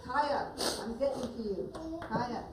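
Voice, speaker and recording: A woman's voice: a little high, slow pace, crowd noise. A woman teacher narrating a story for her pupils to act out and giving them directions as she goes. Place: classroom. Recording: distant, echoey classroom with background noise.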